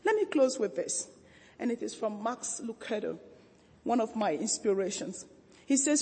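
A woman reverend giving a gentle, measured devotional sermon. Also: fairly high pitch, animated, slightly rough. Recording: reverberant church hall.

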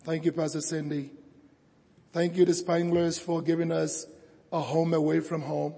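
A hoarse man preaching as a guest pastor, earnest and thankful, building to emphatic peaks. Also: on the high side, level tone, normal speed, warm tone. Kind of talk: sermon. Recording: reverberant church hall.

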